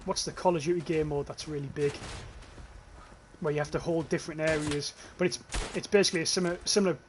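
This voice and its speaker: Fast-talking and steady in tone, this young livestreamer from northeast England, with an accent from near North Yorkshire, keeps up loose, chatty commentary as he plays. His voice sits a little high for a man, he swears freely and stumbles over restarts, and a faint hum is audible.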